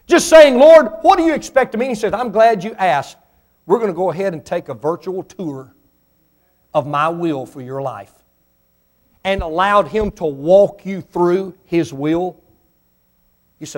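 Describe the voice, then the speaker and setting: A high-voiced man preaches a sermon as pastor of a church. His delivery swells in pitch and loudness, then drops low, and he voices imagined listeners asking him questions. He stretches key phrases slowly for weight. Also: animated. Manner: preaching with sudden rises in pitch and volume, voicing imagined listeners.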